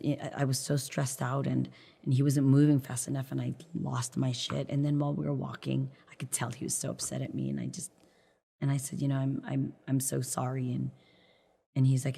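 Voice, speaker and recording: A woman's voice: a bass voice, creaky, warm tone, slightly rough. A woman in her forties, a podcast guest, talking candidly and chattily about family life and laughing often. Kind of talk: casual chat.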